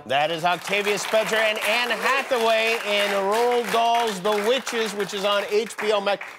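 A talk show host with a fairly high voice interviews his guest, slipping in dry jokes. His delivery is quick and offhand, and he laughs along between his questions. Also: over loud music, a loud crowd. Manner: dry, joking. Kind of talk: late-night talk show chat.

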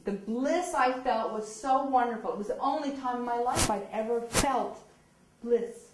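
Animated woman telling her story in an echoey hall. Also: fairly high pitch, moderate pace, slight background noise. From eastern Canada. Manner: animated, laughs often, acts out voices in her story. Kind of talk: personal storytelling speech. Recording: echoey hall, distant mic.

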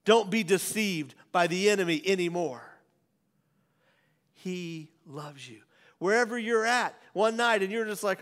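A male pastor preaching a sermon, swinging from raised declarations to hushed near-whispers. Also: sits high, unhurried. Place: church sanctuary. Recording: church hall reverb.

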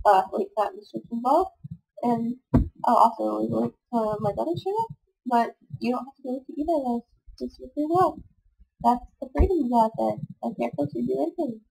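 A woman's voice: vocal fry, a little mellow, slightly rough. A young woman who is sick and sniffling, rambling chattily over a game recorded on her computer mic. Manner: chatty, self-deprecating, meandering. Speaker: gaming vlogger. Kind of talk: rambling casual chat over gameplay. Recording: low-quality home computer audio.

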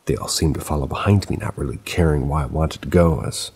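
A man's voice: a bass voice, quick pace, a little mellow, breathy edge. A man narrating a first-person paranormal story in a casual, conversational way with wry asides.

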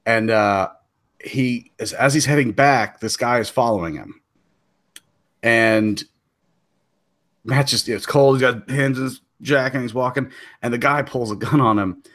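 A man's voice: medium pitch, unhurried, pauses often, a bit bright. Laid-back man telling a story. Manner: laid-back, trails off and restarts, laughs while telling. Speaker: comedian guest. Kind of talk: casual storytelling chat.

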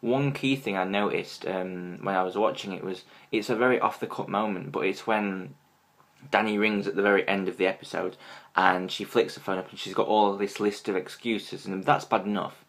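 A man giving a casual fan review of a TV episode, excitable and gushing, with many ums. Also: fairly low pitch, moderate pace.

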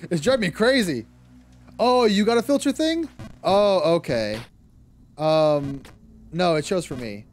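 A young male streamer chats with his viewers while he plays, answering their messages, laughing a lot and cursing without restraint. His voice sits a little high for a man and swings widely in pitch. Faint game music plays underneath. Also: big pitch swings, a little slow, pauses often. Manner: swears freely, laughs often, reads and answers chat. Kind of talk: casual live-stream chat while gaming.

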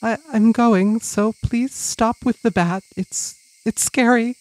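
A woman voicing a timid, frightened teenage girl who stammers and pleads softly. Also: a little high, fairly even intonation, takes it slowly, no room sound, pitched above the performer's own voice, poor audio.

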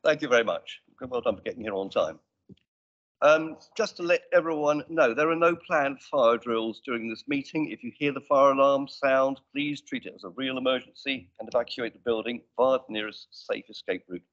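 Male committee chair, brisk procedural delivery on a desk mic in a council chamber, dull lo-fi stream. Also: mid-range voice, a bit bright. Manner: brisk, businesslike with dry asides. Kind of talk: formal meeting procedure. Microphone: desk microphone.

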